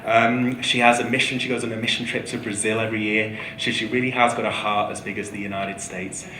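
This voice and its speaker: A man's voice: little pitch movement, brisk, pushed and bright. Hesitant man in an echoey hall. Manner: hesitant, many ums. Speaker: event host introducing the speaker. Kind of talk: formal stage introduction. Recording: echoey hall with low rumble.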